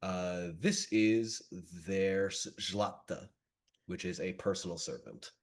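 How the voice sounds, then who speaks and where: A man playing a tabletop game, describing his character's actions slowly and hesitantly. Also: low-pitched. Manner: slow, hesitant, full of fillers. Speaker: player.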